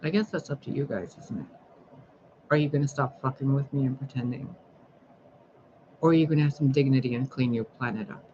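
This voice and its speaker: A woman's voice: rumbling low, a little fast, long pauses, mellow, highs cut off, a little hiss or hum. Profane, scolding woman ranting on stream. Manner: blunt, profane, scolding, sarcastic. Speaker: spiritual livestreamer. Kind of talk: ranting livestream monologue.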